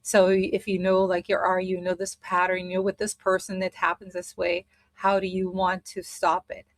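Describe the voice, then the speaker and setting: A woman's voice: lowish voice, monotone, moderate pace, dry recording. A woman teaching a spiritual study group in a casual way, thinking aloud as she explains a method step by step.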